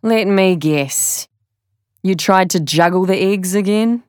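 A woman's voice: mid-range voice, takes it slowly, a little mellow, smooth, no room sound, close to an everyday voice. An Australian woman voicing a weary, dry-humoured father, wry and lightly exasperated.

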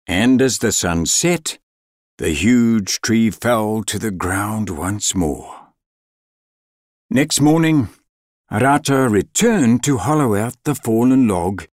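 Husky guy reading a legend real slow, lots of ups and downs, dry mic. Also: medium pitch, no echo. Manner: slow, expressive read-aloud with dramatic pauses. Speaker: storyteller. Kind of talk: storybook narration.

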